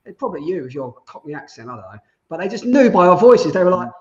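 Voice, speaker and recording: A man's voice: sits high, sing-song, fast talker, hardly any pauses, dull audio. A man co-hosting a casual podcast chat, telling stories with enthusiasm. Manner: enthusiastic storyteller. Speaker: podcast co-host.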